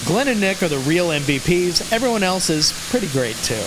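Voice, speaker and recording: Male host, somewhat high voice, chatty, reads comments, noisy stream audio. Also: very animated, fairly quick. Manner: reads viewer comments aloud, chuckles often. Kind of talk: livestream Q&A chat.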